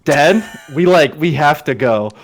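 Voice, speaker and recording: Animated high-voiced young man telling a story. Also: a little slow. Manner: animated, acts out quoted voices, swears. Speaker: podcast host. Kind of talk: casual storytelling chat.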